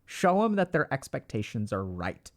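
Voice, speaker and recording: A man in his thirties giving life advice to his chat in casual livestream talk, emphatic and animated, swearing now and then. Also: medium pitch, moderate pace.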